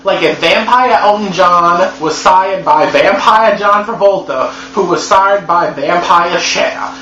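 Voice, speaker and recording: A man reviewing a movie in a sassy, profane, animated comedy recap. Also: sits high, slow. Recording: echoey room, dull lo-fi sound, faint hum.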